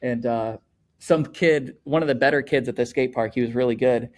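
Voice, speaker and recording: A man's voice: mid-range voice, moderate pace, a little mellow. A young man, a podcast guest, talking in a loose, rambling way and filling his sentences with "like" and "you know". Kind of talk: casual conversational storytelling.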